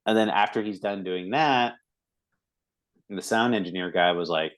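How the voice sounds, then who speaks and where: A man's voice: deep voice, normal speed, fairly bright tone, poor audio. A man co-hosting a movie review podcast, talking casually with many fillers and acting out quoted lines. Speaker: podcast co-host.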